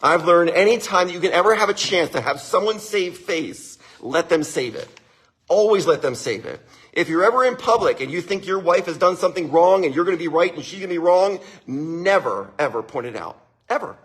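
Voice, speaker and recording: A man with a slightly high, husky voice gives casual advice to a live audience. His delivery swings widely in pitch and is broken by frequent chuckles. He keeps checking in with his listeners. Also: lively intonation, a little fast, a bit bright. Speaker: livestream host giving marriage advice.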